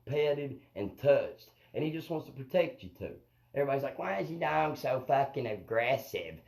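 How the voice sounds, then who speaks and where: A man's voice: mid-range voice, darkish tone, poor audio. A man rambling through a profane comic monologue on a live stream, constantly checking in with his viewers. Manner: profane, rambling, keeps asking "you know what I mean". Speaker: comedian hosting a live stream. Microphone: phone or webcam on a live stream.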